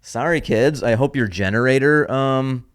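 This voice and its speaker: A man's voice: mid-range voice, moderate pace, smooth. A man hosting his own comedy podcast, telling a story in a wry, offhand, rambling way. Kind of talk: casual rambling monologue.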